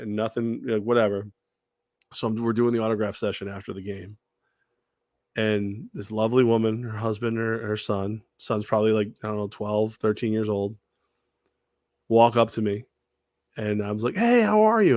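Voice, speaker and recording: A man's voice: fairly low pitch, dry recording, clean studio sound. A man co-hosting a sports talk show, telling stories animatedly and acting out what people said. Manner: animated storyteller who acts out quoted voices.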